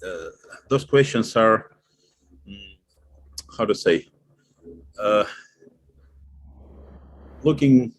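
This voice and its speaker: A man with a Russian accent, a student on an online call, speaking hesitantly with many pauses and fillers. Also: lowish voice, lively intonation, no room sound. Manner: hesitant, lots of "uh" and restarts. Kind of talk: online group lesson. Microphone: video call.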